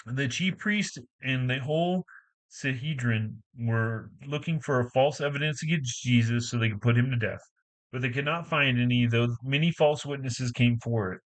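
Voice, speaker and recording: A man reads scripture aloud in a plain voice of middling pitch. His reading is unpolished, with small stumbles that he goes back to fix before carrying on. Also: rough recording. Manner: halting reading with frequent stumbles and self-corrections. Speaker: Bible reader.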